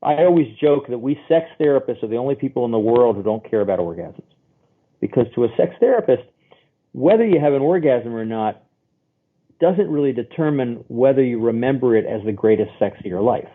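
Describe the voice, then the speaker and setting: Man as therapist guest, easygoing and explanatory; husky, heard over a phone line. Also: mid-range voice, expressive, brisk. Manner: chatty, explains with homely examples and quoted voices. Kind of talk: podcast interview answers.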